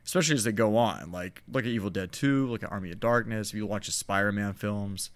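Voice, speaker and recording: A man's voice: fairly low pitch, quick pace. A young man co-hosting a podcast, chatting casually about films in a rambling way with lots of fillers. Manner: rambling, many "like" fillers, chuckling. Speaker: podcast co-host.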